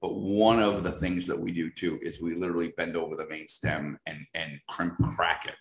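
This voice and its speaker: A man's voice: low voice, level tone, normal speed, reverberant. A man speaking as the guest in a casual interview, rambling with lots of fillers and restarts. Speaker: guest product expert.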